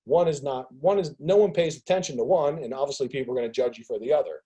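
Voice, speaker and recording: Man ranting on a group call, husky dark voice. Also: mid-range voice, quick pace, poor audio. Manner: animated ranting, acts out others' voices. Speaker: host of a business mastermind call. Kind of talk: casual group call monologue.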